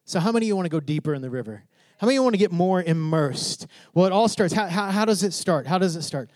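A man's voice: high voice, expressive, fast talker, a little mellow, dry recording. A pastor preaching to his congregation, asking questions and building to fervent emphasis. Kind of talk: sermon.

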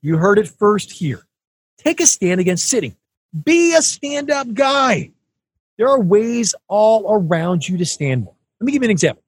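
A man's voice: slightly rough, no echo. A man hosting a podcast, giving an emphatic, coaching monologue straight to the listener. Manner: energetic with big swings in pitch. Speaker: podcast host.

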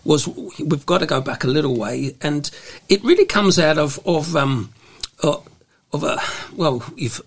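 A man with a slightly high, gravelly and husky voice talks through a faith topic as a guest. He is halting, often restarting and filling gaps as he goes. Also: lively intonation. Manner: hesitant, with many restarts and fillers. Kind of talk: conversational faith discussion.

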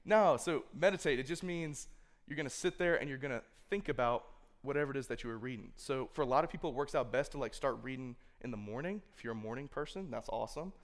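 A man at a mid-range pitch gives a laid-back sermon to a youth group. He talks loosely and conversationally, with plenty of "like" and "you know", and now and then acts out what a listener might think. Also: fast. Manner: conversational, filler-heavy, acts out imagined inner thoughts. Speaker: youth speaker. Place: room with a live audience.

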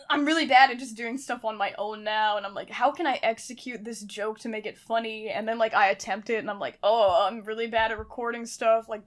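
A woman co-hosting a podcast in casual chat, bubbly and quick to laugh. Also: fairly high pitch. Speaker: podcast co-host.

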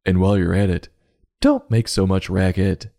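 A man's voice: low-pitched, steady tone, normal speed, creaky, mellow. A man voicing a sarcastic, grumpy female house cat who makes snide remarks about her family. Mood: snarky. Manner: snarky, sarcastic.

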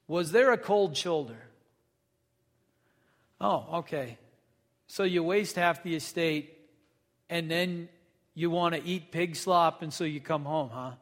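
Guy preaching a sermon, kinda high voice, chatty, lots of questions to the crowd, long echo in the room. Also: slow, pauses often. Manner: conversational preaching, reads scripture then asks the congregation questions. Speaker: pastor. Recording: long hall reverb.

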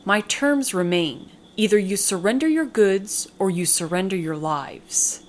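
A woman's voice: medium pitch, animated, unhurried, natural voice. A woman reading the lines of a smug, showy male pirate captain with mocking, theatrical courtesy.

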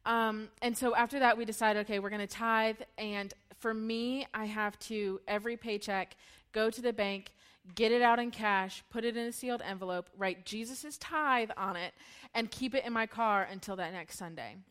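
A woman's voice: on the high side, steady tone, normal speed, fairly bright tone, clean tone. A woman in her thirties shares a personal testimony with a church group. She talks candidly and emotionally and laughs often between her sentences. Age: 30s. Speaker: church speaker.

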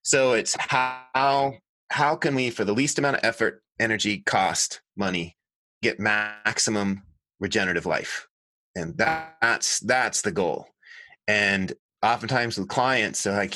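Earnest bright-voiced man. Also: lowish voice, measured pace, slight background noise. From United States. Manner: earnest, animated, self-correcting. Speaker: guest, water harvesting designer and author. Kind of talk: conversational storytelling.

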